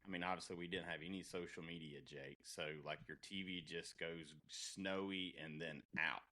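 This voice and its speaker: Deep-voiced man hosting a casual chat. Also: steady tone, normal speed, sharp tone.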